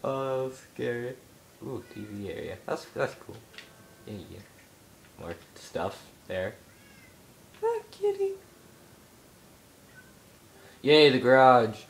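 A young man giving excitable let's play commentary, yelping and mock-outraged as he explores. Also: mid-range voice, measured pace, gravelly, a little hiss or hum. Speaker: gamer.

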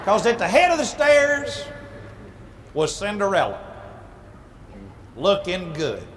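A man, a humorist minister telling an animated, playful comic story at a live speaking event. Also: high voice, slow, slight background noise. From Southern United States. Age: 40s.

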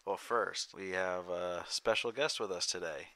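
A man's voice: low-pitched, unhurried, bright, forceful tone. A man co-hosting a casual book podcast, teasing and easygoing. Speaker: podcast co-host.

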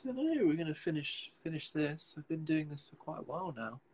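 A man's voice: a little high, big pitch swings, a little fast, a loud crowd. A man hosting a casual live video chat over a phone, easygoing and teasing.

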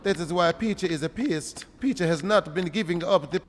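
A man's voice: high-pitched, moderate pace, long reverb tail, lightly acted. A man voicing a harried, crude married man with a put-on Mexican accent, speaking in stilted, formal phrasing over a noisy home game recording. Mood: worried.

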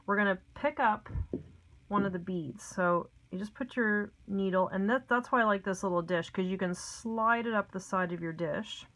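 A woman's voice: mid-range voice, moderate pace, a bit bright, low-quality recording. A middle-aged woman giving a casual, step-by-step craft lesson at her desk at home, chatty and homey with frequent ums and asides. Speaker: craft tutorial host.

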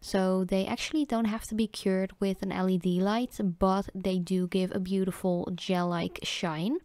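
A young woman with a mellow, warm tone narrates a nail art tutorial in a chatty, casual way. She is a native Dutch speaker and speaks English, dropping in "like" and "um" often and correcting herself now and then. The recording is dry and close. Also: medium pitch, level tone, normal speed, no room sound. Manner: chatty, fillers like "like" and "um", self-correcting.

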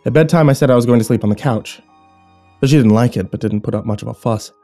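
A man telling a first-person horror story in a measured, hushed and tense way. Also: medium pitch, no echo, faint music behind.

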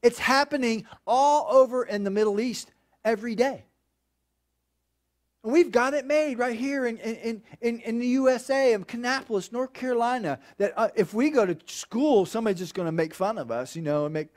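A man preaching a sermon in a chatty style, checking in with "okay" and building to loud, emphatic points. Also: extremely high pitch, moderate pace. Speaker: pastor.

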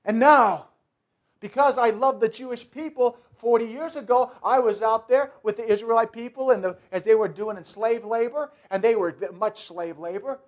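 A man's voice: very high voice, moderate pace. A man preacher speaking as a reluctant Hebrew man who fled Egypt, in a folksy first-person telling. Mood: rueful.

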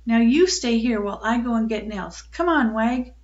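A woman voicing an eager, excitable young boy in a read-aloud storybook, with bright boyish exclamations. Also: fairly high pitch, normal speed, muffled recording, lightly acted. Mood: cheerful.

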